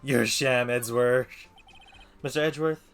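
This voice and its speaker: A man's voice: medium pitch, fairly even intonation, normal speed, fairly bright tone, faint music behind, close to an everyday voice. A man reading as an earnest young defense lawyer. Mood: pressing.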